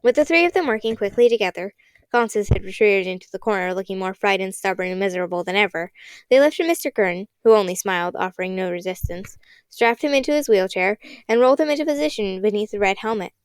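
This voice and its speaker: A woman narrating a children's audiobook in an expressive, dramatic reading. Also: mid-range voice, quick pace, clear, resonant tone, no echo.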